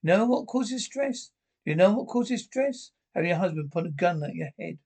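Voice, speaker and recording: A woman's voice: low voice, fairly even intonation, very fast, gravelly, a little mellow, breathy edge, heavily acted. An actress playing a vain, fussy wife who scolds her husband in a TV drama. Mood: scolding. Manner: exasperated, scolding.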